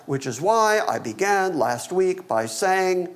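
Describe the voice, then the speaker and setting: A male pastor preaching a sermon, with wry asides and dramatic swings in pitch, dropping low for emphasis. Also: sing-song, slow, hardly any pauses.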